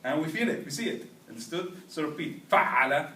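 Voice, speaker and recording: A man's voice: fairly high pitch, lively intonation, fairly quick, noisy background. A man teaching a language class, drilling students to repeat after him and checking with "right?" and "understood?". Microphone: far camera. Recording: roomy, distant classroom recording.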